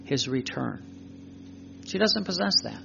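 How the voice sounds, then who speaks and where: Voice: mid-range voice, sing-song, unhurried, creaky, sharp tone, lo-fi sound, slight background noise. A preacher giving emphatic spoken religious teaching, repeating phrases and asking rhetorical questions.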